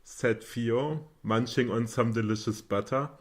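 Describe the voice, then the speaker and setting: A man's voice: mid-range voice, measured pace. A man narrating a fanfic reading for laughs, chuckling between lines. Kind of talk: comedic narration.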